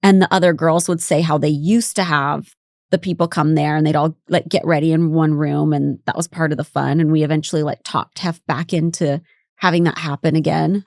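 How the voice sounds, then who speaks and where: A woman's voice: low voice, fairly even intonation, brisk, gravelly, a little mellow, dry recording, studio quality. A woman in her forties co-hosting a podcast, talking in a candid, wry way and sometimes mimicking others. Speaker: podcast co-host. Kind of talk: casual podcast rewatch chat.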